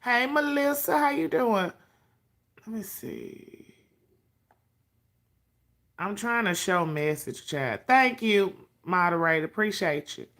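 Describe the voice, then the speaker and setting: A woman's voice: mid-range voice, expressive, slow pace, pauses often, fairly bright tone. A woman hosting a casual livestream, sassy and profane, greeting viewers by name. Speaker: livestream host.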